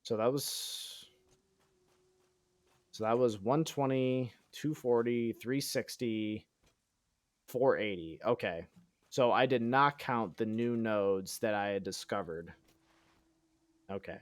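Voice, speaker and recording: Speaking slowly at medium pitch with frequent pauses, this streamer chats casually during a game. The recording is dry, and his tone is self-deprecating and mock-bragging, laced with sarcasm, swearing and spoken-aloud thoughts.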